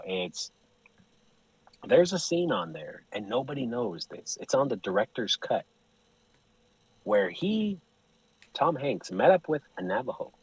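A man's voice: lowish voice, breathy edge, rough recording. A man guesting on a podcast, telling profane, joking stories and acting out the voices of the people in them, laughing often. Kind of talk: casual joking storytelling.

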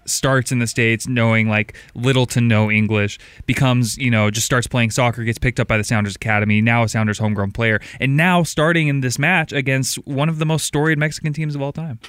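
A man's voice: medium pitch, steady tone, brisk, hardly any pauses, fairly bright tone, clean tone, no room sound. A man co-hosting a casual soccer podcast, telling stories earnestly with plenty of fillers. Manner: earnest, enthusiastic storyteller with fillers. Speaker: podcast co-host. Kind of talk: casual sports chat.

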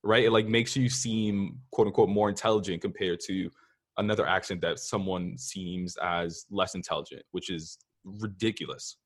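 Deep-voiced man hosting a podcast. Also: moderate pace, slightly rough. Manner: relaxed and thoughtful, many fillers. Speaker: podcast host. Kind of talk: casual interview talk.

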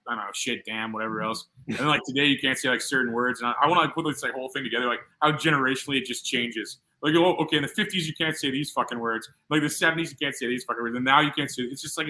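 A man's voice: medium pitch, fast, hardly any pauses, sharp tone, rough recording. A man hosting a casual podcast chat, rambling and profane, packing his talk with filler words.

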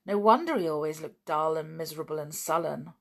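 A woman's voice: low-pitched, fairly quick, gravelly. A woman reading a children's book aloud for a podcast, chatty in her sign-off. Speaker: podcast reader.

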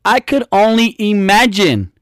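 A man telling a casual, profane story with an animated, exaggerated sense of disgust. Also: sits high, unhurried, no echo, studio quality.

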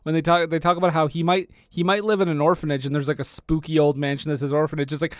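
A young man in his twenties co-hosting a podcast in a relaxed, joking chat. His voice is smooth and clear, a little high for a man. It is recorded close and dry. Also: quick pace, dry recording. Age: 20s. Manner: laid-back, joking, casual swearing. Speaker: podcast co-host. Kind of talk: casual film chat.

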